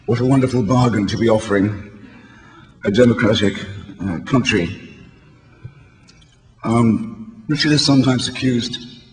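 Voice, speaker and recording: A British man in his sixties gives an eloquent, wry, polemical speech to an audience, his voice hoarse and failing. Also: mid-range voice, measured pace, long pauses. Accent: British English. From England. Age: 60s. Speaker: speaker addressing a convention. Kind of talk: public speech. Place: large hall before an audience. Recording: reverberant hall with faint background noise.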